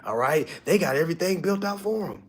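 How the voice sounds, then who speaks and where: Lively, high-pitched, preachy man. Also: a little fast, breathy edge. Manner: blunt, preachy, keeps asking "All right?"; animated, mocking and laughing at his audience. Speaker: business coach addressing clients.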